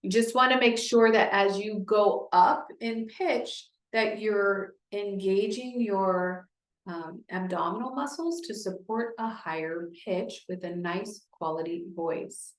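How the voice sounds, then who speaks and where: A woman's voice: medium pitch, slow, roomy sound, low-quality recording. Encouraging woman speech therapist coaching a class. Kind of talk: leading voice exercises in a class.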